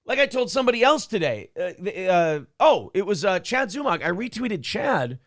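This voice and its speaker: Animated, sarcastic male podcast co-host. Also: high voice, moderate pace, no echo, studio quality. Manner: sarcastic, animated storytelling with mocking voices. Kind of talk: casual chat.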